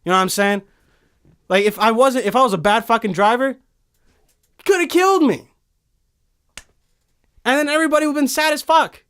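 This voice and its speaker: A man in his twenties hosting a casual podcast chat from a studio, excitable and profane, forever saying dude. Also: very high voice, quick pace, smooth. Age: 20s. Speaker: podcast host. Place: recording studio.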